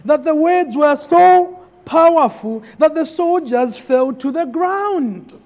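A man's voice: extremely high pitch, lively intonation, slow, a little mellow. A man preaching a sermon, emphatic and repeating key phrases for weight. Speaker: pastor. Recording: long hall reverb.

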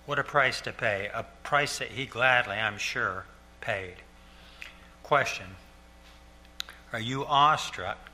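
An older male pastor delivers an earnest sermon in a strikingly bright, forward voice, pausing to repeat key phrases slowly. A faint steady hum sits under the recording. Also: medium pitch. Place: church sanctuary.

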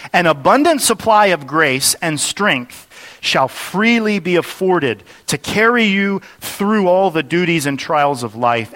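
A man preaches an earnest, explanatory sermon, his voice sitting a little higher than most men's. He works through the text and poses rhetorical questions to the congregation. His words ring out with a long reverb in a church sanctuary. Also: a bit bright. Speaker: pastor. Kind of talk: expository sermon.

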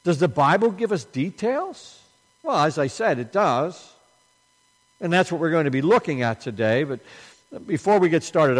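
Emphatic preacher in a reverberant hall. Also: male voice, sing-song, moderate pace. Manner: emphatic, rising on key lines, hushed and low in prayer. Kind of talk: sermon with prayer.

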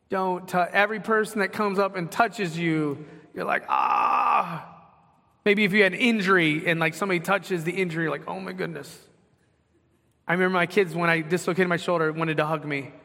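A middle-aged pastor preaches a conversational sermon in a church sanctuary, asking questions of the congregation. His voice is high and fairly bright, carried by long hall reverb.

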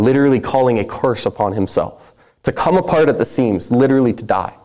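A man's voice: medium pitch, lively intonation, fairly quick, mellow. A man preaching a sermon, reading scripture aloud with earnest emphasis.

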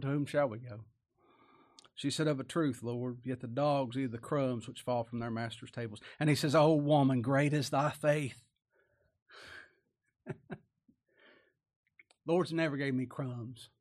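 A man's voice: mid-range voice, measured pace, pauses often, darkish tone. A man preaching a folksy sermon, often asking rhetorical tag questions and chuckling.

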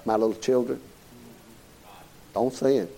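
A man's voice: mid-range voice, fairly even intonation, slow pace, vocal fry, mellow. A middle-aged man with a Southern US accent preaching a sermon in a folksy, joking way, chuckling as he goes. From Southern United States.

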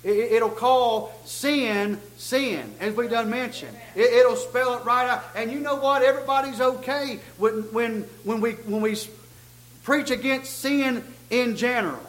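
Middle-aged guy preaching in church, high voice, stammers and restarts, echoey room. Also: unhurried, fairly bright tone. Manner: repetitive stammering restarts, folksy rising emphasis. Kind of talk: sermon. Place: church sanctuary.

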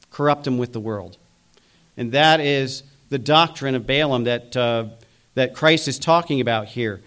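A man preaching a sermon, earnest and steady, now and then mimicking the people he criticizes. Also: a little high. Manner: earnest preaching, slips into mocking quoted voices. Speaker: pastor.

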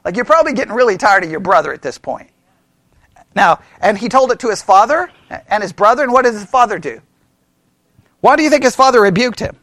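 A man leading a Bible study, animated, laughing often and asking the group rhetorical questions. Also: very high-pitched, brisk, dry recording.

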